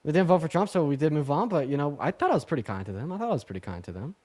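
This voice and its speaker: A young man hosting a livestream debate, talking fast and casually with many fillers. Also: a little high, sing-song, a little mellow.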